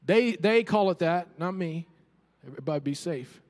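A man preaching to his congregation in a church. His voice sits high and leaps up and down as he moves from playful asides to fervent appeals. A long reverb trails each phrase through the sanctuary. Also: normal speed. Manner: animated preaching with humorous asides and calls to the congregation. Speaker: pastor. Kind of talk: sermon.

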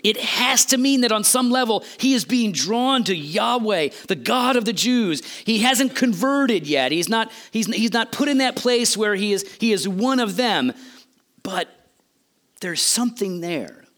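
A man preaching a sermon, telling a story with animated, changing delivery and acted-out quotes. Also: high voice, a little slow. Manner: animated storytelling, voices quotes, sudden loud and soft swings.

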